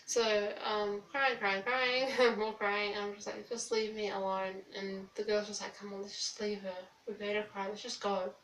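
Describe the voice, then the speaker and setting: Quiet young woman, hesitant. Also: mid-range voice, level tone, moderate pace, few pauses. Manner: quiet, hesitant, filler-laden retelling. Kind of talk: storytime vlog. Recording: distant mic in echoey room with faint hiss.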